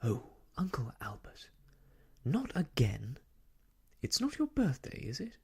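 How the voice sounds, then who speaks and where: A woman's voice: a bass voice, measured pace, creaky, warm tone, slightly rough, no room sound, exaggerated voice. A man voicing a stern, cross nanny, whispered. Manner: stern, clipped. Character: strict, cross young nanny. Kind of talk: whispered role-play.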